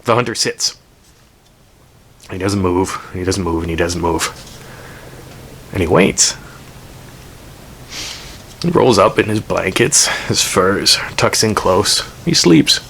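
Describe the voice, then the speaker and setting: A man casually telling a folk story out loud, rambling with asides and the odd curse word. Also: low voice, lively intonation, slow pace, creaky, pauses often, a little hiss or hum.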